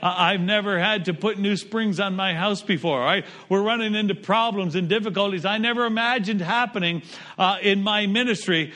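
Brief: middle-aged male pastor, high clear voice, dynamic pulpit delivery. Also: normal speed. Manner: preachy, swings between loud raised lines and low quiet ones. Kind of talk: sermon.

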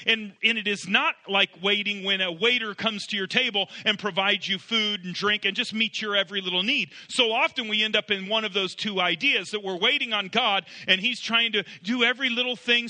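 A man's voice: high voice, bright, forceful tone. A man preaching a sermon, earnest and emphatic, often repeating himself as he explains scripture. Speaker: pastor.

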